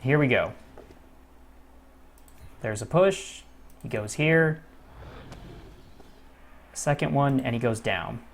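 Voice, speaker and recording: Slow-talking gamer man, casual swearing. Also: mid-range voice, vocal fry, slight background noise. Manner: casual, swears freely, swings from muttering to frustrated outbursts. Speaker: gaming channel host. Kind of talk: let's-play commentary.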